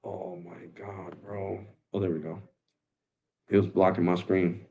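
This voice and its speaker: Laid-back low-voiced man saying bro. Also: level tone, a little slow, warm tone. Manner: laid-back, slangy, calls viewers bro. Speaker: tech live stream host. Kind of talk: casual live stream talk. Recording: dull lo-fi sound.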